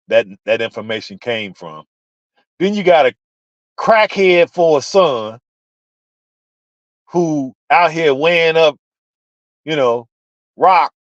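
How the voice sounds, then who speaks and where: A vlogger ranting to viewers in an animated, profane way, laughing often. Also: medium pitch, no echo, dull audio.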